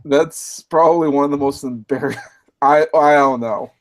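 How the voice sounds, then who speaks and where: A man in casual group chat, explaining things to viewers with halting restarts. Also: fairly high pitch.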